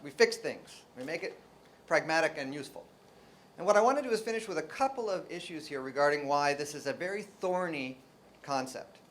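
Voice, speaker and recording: A man's voice: on the high side, expressive, fairly quick, fairly bright tone, slight background noise. A man from New Jersey with an American accent, a linguistics professor giving a joking academic lecture to a live audience, full of rhetorical questions and sounding out example words.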